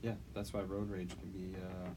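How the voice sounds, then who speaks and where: A man's voice: low voice, monotone, moderate pace, warm tone, slight background noise, rough recording. A young man co-hosting a podcast, telling a rambling story in casual chat, correcting himself and swearing now and then. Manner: rambling, self-correcting, swears when retelling anger. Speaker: podcast co-host.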